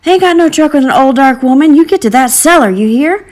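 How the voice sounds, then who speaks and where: A fierce old woman in a storybook barks urgent orders, protective and unyielding, as a woman reads her aloud. Her voice sits high and strained above the narrator's own. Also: expressive, quick pace, darkish tone. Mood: commanding. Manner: commanding, urgent.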